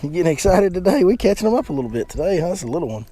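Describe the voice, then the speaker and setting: A man, a fishing guide giving excited commentary from a boat and chatting to his dog in baby talk. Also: high voice, very fast, few pauses. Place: on a boat on a lake, outdoors.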